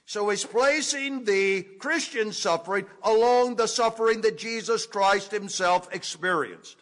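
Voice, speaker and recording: A man preaching an expository sermon, teaching deliberately and leaning hard on key words. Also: sits high, fairly bright tone. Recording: echoey hall with long reverb.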